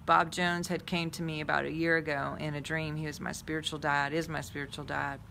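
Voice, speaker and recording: A woman's voice: low voice, little pitch movement, brisk, gravelly, pushed and bright, slight background noise. A woman giving a spiritual talk and leading a guided visualization, earnest and repetitive, lingering on key words. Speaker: spiritual teacher.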